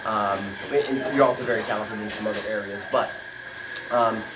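A man's voice: lowish voice, steady tone, moderate pace. A man hosting a casual podcast in a coffee shop, upbeat and rambling with lots of fillers. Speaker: podcast host. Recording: echoey coffee shop with loud background noise. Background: coffee shop chatter.

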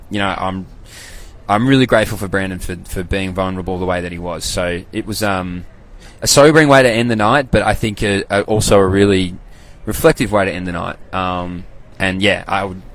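A man's voice: on the low side, a bit bright, a little hiss or hum. A young Australian man hosting a casual solo podcast recap, loose and rambling, full of slang and swearing. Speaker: podcast host.

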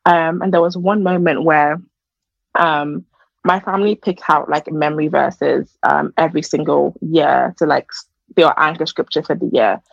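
A young woman shares her story in an earnest, chatty way, with plenty of fillers along the way. Her voice is slightly husky. The recording is dry and somewhat dull and lo-fi. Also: sits low, steady tone, moderate pace, no room sound. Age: young adult. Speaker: podcast guest. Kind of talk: casual personal testimony.

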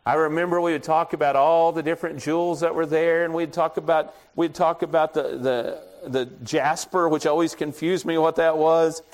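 A middle-aged man preaching a sermon in a conversational way, telling folksy stories from his own life. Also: fairly high pitch. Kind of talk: storytelling sermon.

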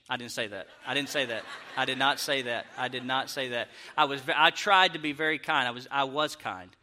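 Bright-voiced comedian. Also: male voice, mid-range voice, fairly quick, few pauses. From Arkansas, US. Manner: animated, laughing, self-mocking. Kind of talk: stand-up storytelling.

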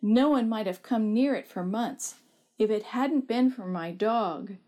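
A woman voicing a calm, plain-spoken farmer. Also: fairly high pitch, measured pace, natural voice. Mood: reassuring.

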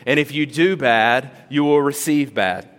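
A male pastor preaching a sermon in a conversational, animated way, full of rhetorical questions. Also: medium pitch, measured pace. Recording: long reverb of a large hall.

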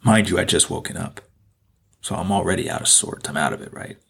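A man's voice: sits low, a little fast, creaky, fairly bright tone, slightly rough. A man hosting a podcast, telling a personal story in an earnest, reflective way and repeating phrases for emphasis. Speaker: podcast host.

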